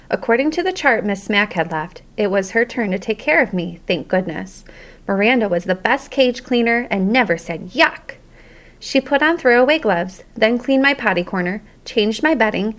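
A woman narrating a children's audiobook in a lively, expressive storytelling manner. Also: medium pitch.

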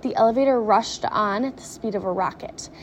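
A woman reading a children's story aloud with dramatic, animated pacing. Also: mid-range voice, brisk, slight background noise. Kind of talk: expressive storybook read-aloud.

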